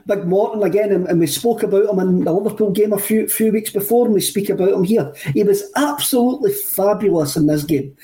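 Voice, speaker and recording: A Scottish man chatting on a football podcast, his voice sitting high yet dark and mellow. He rambles with excitement and circles back over the same words. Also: poor audio. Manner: enthusiastic, rambling, repeats himself. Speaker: podcast co-host. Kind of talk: casual chat.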